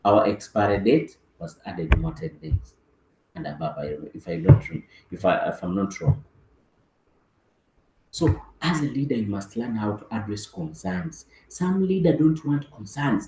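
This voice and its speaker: A man's voice: medium pitch, very animated, moderate pace, a little mellow, echoey room, a little hiss or hum, low-quality recording. A man giving a motivational training talk as a business team trainer, acting out dialogue and repeating words for emphasis.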